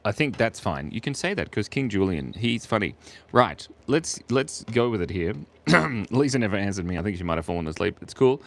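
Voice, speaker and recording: A man's voice: lowish voice, sing-song, brisk, a bit bright. An Australian man chatting playfully with viewers while drawing on a live stream.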